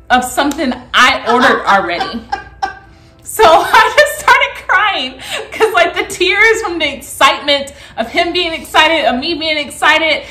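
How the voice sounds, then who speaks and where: A woman, a vlogger chatting casually and telling a story with lots of laughter. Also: reverberant. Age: 30s. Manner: animated, laughing, acts out quotes in a high excited voice.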